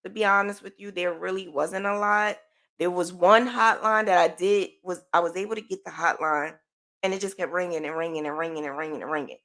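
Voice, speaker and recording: A middle-aged woman hosts her own podcast and tells a long personal story in casual, animated chat. Her voice has a gravelly, fried edge, and she sighs, backtracks and corrects herself as she goes. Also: on the low side, fairly quick. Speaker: podcast host.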